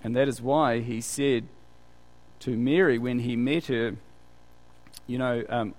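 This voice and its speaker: A man's voice: medium pitch, steady tone, slow pace, pauses often. A man preaching a conversational sermon, full of rhetorical questions.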